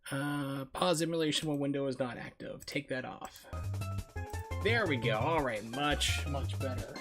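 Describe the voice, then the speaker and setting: A man's voice: medium pitch, unhurried. A man chatting casually and rambling while he sets up a live game stream, talking into a headset. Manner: chatty and rambling, with many fillers. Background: video game music.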